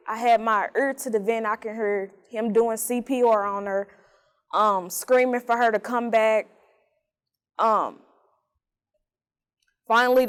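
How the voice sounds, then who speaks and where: A young woman recounts a hard memory in an unhurried, everyday storytelling voice. Her tone sits somewhat high and comes through smooth and clear. She fills pauses with casual "um"s and "like"s. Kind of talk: personal testimony.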